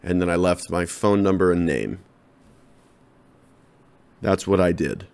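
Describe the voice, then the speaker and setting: A man hosting his own comedy podcast, rambling through a deadpan monologue and talking straight to his listeners. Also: low-pitched, unhurried, creaky, clear, resonant tone.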